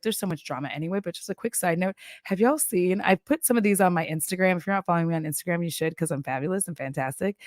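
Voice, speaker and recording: A woman's voice: fairly low pitch, no echo, clean studio sound. Chatty woman with frequent laughs. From Texas. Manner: chatty, laughs often, tangents and asides. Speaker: commentary YouTuber. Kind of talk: casual commentary.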